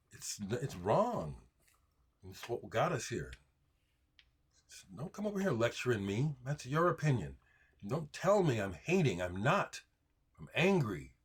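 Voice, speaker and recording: Responding to viewer comments, an American host talks straight into the camera off the cuff in a husky, medium-pitched voice. He's heated, emphatic and frustrated, and he often breaks off to restart his sentences.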